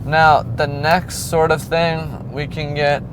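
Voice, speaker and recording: A man's voice: on the high side, level tone, slow. A young man casually reviewing an album, rambling, with many ums and likes, outdoors near a street. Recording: clear street and traffic noise.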